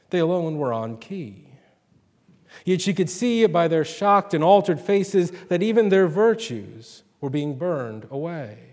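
A man reading and retelling a short story in a measured, dramatic way. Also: fairly high pitch, a little mellow, big-room sound.

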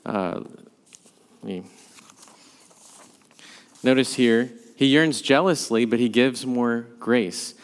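A man's voice: medium pitch, slow, long pauses, clear, resonant tone. A man leading a Bible study class, talking through the passage conversationally and thinking aloud as he goes. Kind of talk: leading a church class discussion. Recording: long hall reverb.

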